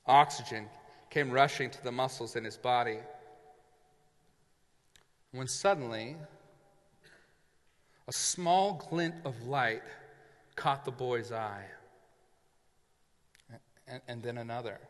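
Bright-voiced pastor in a big reverberant hall. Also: male voice, medium pitch, slow, long pauses. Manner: vivid retelling, acting out the characters. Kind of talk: sermon storytelling. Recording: long reverb in a large hall.

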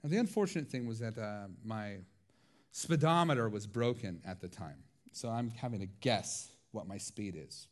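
A man preaching a sermon, telling stories in a lively, laughing way. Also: lowish voice, normal speed. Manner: animated storytelling with frequent laughs. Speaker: pastor.

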